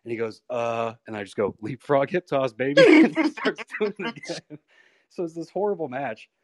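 A male pro wrestler in his thirties, a guest on a podcast, telling candid, profane stories in a rambling, animated way. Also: fairly high pitch, moderate pace, dry recording. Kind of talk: candid storytelling interview.

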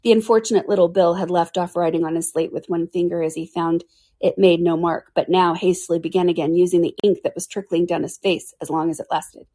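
A woman narrating a classic storybook in a steady, measured way for a podcast. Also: lowish voice. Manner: steady, measured reading aloud. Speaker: reader.

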